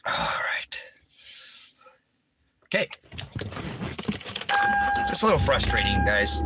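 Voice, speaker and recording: A man with a lowish voice and big pitch swings rants slowly, pausing often, on his rural property while heavy background noise fills the handheld phone recording. He hosts an online ministry and is heated, cursing and repetitive in this profane outdoor tirade to viewers.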